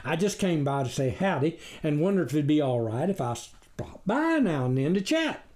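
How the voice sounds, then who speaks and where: A man's voice: a little high, very animated, normal speed, darkish tone. A man voicing a hairy male wolf who poses as a duck, overly polite and fumbling for excuses. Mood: fawning.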